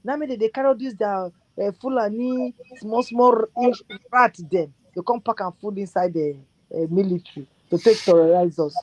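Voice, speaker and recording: A Nigerian woman calling in to a chat show. She talks in excited Pidgin and says things again and again. Her voice sits in the middle range and sounds dry and close. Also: mid-range voice, moderate pace, hardly any pauses, no room sound, dull audio. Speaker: caller. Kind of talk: call-in chat.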